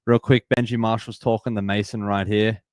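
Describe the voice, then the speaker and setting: A man's voice: fairly low pitch, level tone, brisk, darkish tone, smooth, dry recording. Upbeat Australian man in his twenties. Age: 20s. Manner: upbeat, reads and greets chat viewers, repeats phrases. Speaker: livestream host. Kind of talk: live sports watch-party chat.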